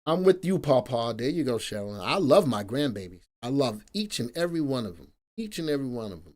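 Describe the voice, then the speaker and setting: A middle-aged man hosting a live stock market stream, chatting energetically and playfully with viewers, even breaking into song. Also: mid-range voice, brisk, hardly any pauses. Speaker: stock market analyst host.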